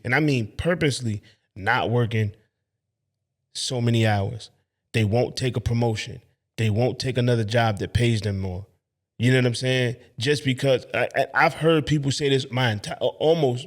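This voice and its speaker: A young man hosting a reaction video, talking bluntly with heavy profanity and animated storytelling. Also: mid-range voice. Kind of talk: casual profane commentary.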